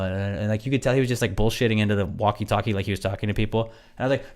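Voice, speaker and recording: A young man co-hosting a podcast, telling a long story in rambling casual chat, full of "like" and swearing. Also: mid-range voice. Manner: fast, rambling, lots of "like", swears freely. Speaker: podcast co-host.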